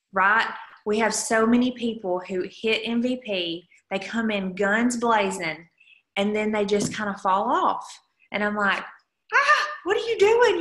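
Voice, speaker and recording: A woman's voice: mid-range voice, a bit bright. Upbeat woman coaching on a roomy call. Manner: chatty and upbeat, with frequent asides to listeners. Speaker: sales team leader coaching her team. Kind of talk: casual coaching talk on a video call. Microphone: video call microphone.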